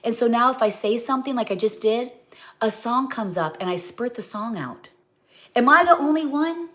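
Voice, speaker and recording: Middle-aged woman, home cook hosting a livestream; slightly high voice, rambling and heartfelt, loses her thread. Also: normal speed. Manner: chatty and heartfelt, talks straight to viewers. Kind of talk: casual livestream chat.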